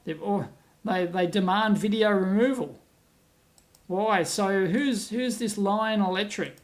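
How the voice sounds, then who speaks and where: An Australian man hosting a casual livestream. He reads viewer comments aloud, laughs often and rambles as he thinks out loud. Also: sits high, slow. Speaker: livestream host. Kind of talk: casual live-stream chat, reading viewer comments aloud. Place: at home on a laptop, away from his office.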